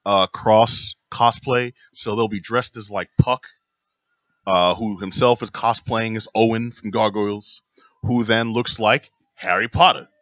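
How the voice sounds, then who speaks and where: A man's voice: lowish voice, fairly even intonation, measured pace, a bit bright, no room sound, highs cut off. A man hosting a live radio show, joking and teasing his guest in casual banter. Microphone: studio microphone.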